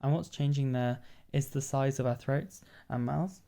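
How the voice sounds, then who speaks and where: A woman coaching voice in a relaxed lesson, explaining as she goes and checking in with "right?", her voice a little hoarse after a long workshop, recorded lying down. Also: extremely low pitch, moderate pace. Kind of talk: casual voice lesson.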